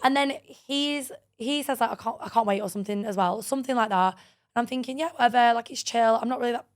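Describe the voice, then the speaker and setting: A young woman in her twenties telling a story at a quick clip on a chatty podcast. Her voice sits a little high, and she keeps slipping into animated re-enactments of conversations. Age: 20s. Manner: animated, full of "like", acts out quoted dialogue. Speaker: podcast co-host. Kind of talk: casual chat storytelling.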